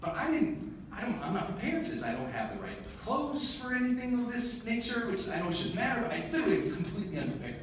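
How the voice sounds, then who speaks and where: A man giving a live motivational keynote in a large conference hall, telling a story in an animated, emphatic way with self-deprecating humor. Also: extremely high pitch, fast talker, slight background noise. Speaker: motivational speaker. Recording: echoey hall, distant mic, audible room ambience.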